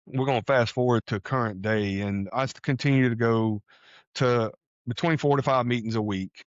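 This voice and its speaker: A man from Texas telling a personal story on a podcast, animated, acting out the voices of people he quotes. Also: on the low side, dry recording, highs cut off. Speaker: podcast guest. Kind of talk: casual storytelling.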